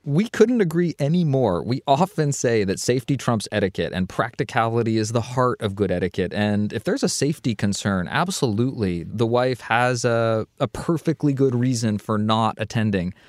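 A man co-hosts a casual podcast, his voice rising and falling with plenty of life. He speaks at a middle pitch. The sound is close and dry. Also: moderate pace, few pauses, no room sound. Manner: lively, expressive intonation. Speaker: co-host.

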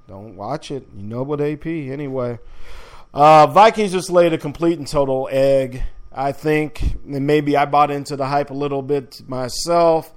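A man from the upper Midwest hosts a casual sports talk segment, chatting loosely with slang and fillers. His voice sits a little high for a man. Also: a little slow, clear, resonant tone, a faint crowd. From upper Midwest of the United States.

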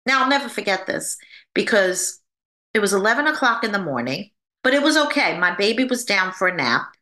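A woman who works as a psychic medium, telling her story in an interview in an animated way and acting out the voices she quotes. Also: medium pitch, a little fast.

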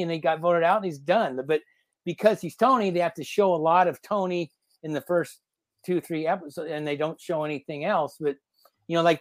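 A man guest on a podcast, telling rambling, animated stories in a casual interview. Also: high voice, dry recording. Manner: animated, rambling anecdotes with lots of fillers. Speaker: podcast guest, former reality show contestant.

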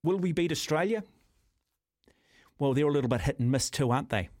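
A man's voice: fairly high pitch, lively intonation, fairly quick, darkish tone, no echo, studio quality. A man with a New Zealand accent hosting talkback radio, blunt and combative, often calling his caller mate. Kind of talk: opinionated talk radio. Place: radio studio.

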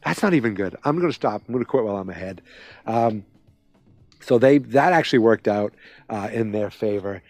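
A man's voice: lowish voice, animated, a little fast, darkish tone, no echo, faint music behind. Rambling man recapping an episode. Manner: rambling, self-interrupting, conversational. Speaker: podcast host.

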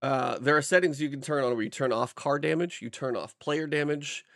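A man's voice: a little high, a little fast, creaky, fairly bright tone, dry recording, clean studio sound. A man co-hosting a games podcast, chatting casually and rambling with frequent restarts and fillers as he talks about games he is reviewing. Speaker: podcast co-host, game reviewer. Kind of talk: casual chat.

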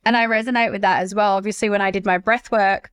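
A woman hosting a podcast interview in casual, expressive chat, swearing freely and acting out the voices she quotes. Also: medium pitch, fast talker, smooth. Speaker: podcast host.

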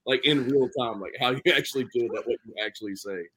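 Bright-voiced man, casual and laughing. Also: medium pitch, quick pace, breathy edge. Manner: laughs often, casual swearing. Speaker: guest band member. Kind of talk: casual podcast chat.

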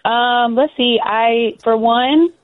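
A woman's voice: on the high side, slow pace, dry recording. A laid-back woman jokes along on a sports podcast, her voice a bit worn after celebrating. She comes through a thin, phone-like line with no room sound at all. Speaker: podcast co-host, former player. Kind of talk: casual sports podcast chat. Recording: dry tinny phone-like line.

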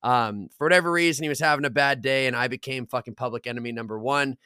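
A young man tells a story in relaxed podcast chat, heavy on swearing and laughter. His voice sits at a middle pitch. The sound is dry and close, with no room around it. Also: quick pace, smooth, dry recording. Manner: swears a lot, laughing storyteller, acts out quotes. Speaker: podcast co-host. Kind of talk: casual chat.

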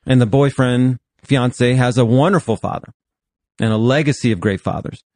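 A man's voice: medium pitch, normal speed, darkish tone, dry recording, clean studio sound. A man in his fifties, a pastor and therapist, talking earnestly in a podcast conversation and often laughing while he speaks. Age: 50s.

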